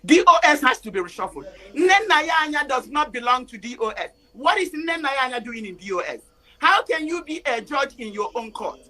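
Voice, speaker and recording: A woman calling in to a talk show, speaking angrily and building to shouting, close to tears. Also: sits high, big pitch swings, moderate pace, rough recording. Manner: angry, rising to shouting and near tears. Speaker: caller. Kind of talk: impassioned call-in rant.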